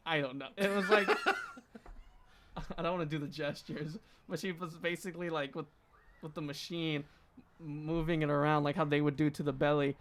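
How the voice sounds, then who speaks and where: Speaking at a fairly high pitch and moderate pace, a young podcast co-host in his twenties pauses often as he tells a story. The chat is casual, and he's an animated, laughing storyteller who acts out what others said.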